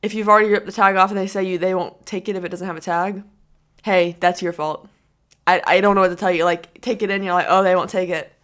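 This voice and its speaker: A woman's voice: mid-range voice, steady tone, fast talker, fairly bright tone. Giggly incredulous young woman commentator. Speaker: commentary vlogger. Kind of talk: reaction commentary.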